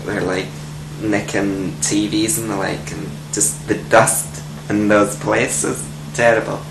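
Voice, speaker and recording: A man playing a timid, soft-spoken young man who talks in a prim, gentle way. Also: lowish voice, steady tone, slow pace, vocal fry. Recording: echoey room with air-conditioning hum.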